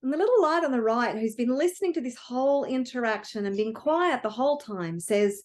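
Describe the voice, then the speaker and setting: High-voiced woman giving a motivational talk. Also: lively intonation, brisk, few pauses. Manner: earnest and emotional. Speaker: wealth coach.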